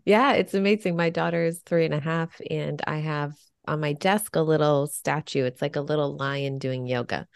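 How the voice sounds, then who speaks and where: A woman's voice: low voice, fairly even intonation, normal speed, vocal fry, hardly any pauses, clean tone, dry recording, clean studio sound. A woman in her thirties hosting a casual interview, chatty and laughing a lot. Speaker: podcast host.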